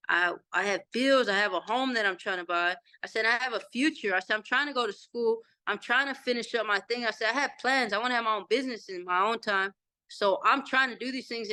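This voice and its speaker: A woman in her thirties with a Texan accent tells a story in casual conversation and acts out every line of dialogue as she goes. Her voice sits a little high and has a bright, forceful edge. The recording is dry and close, with almost no room sound. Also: no echo. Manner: animated retelling with quoted dialogue. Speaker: interview guest.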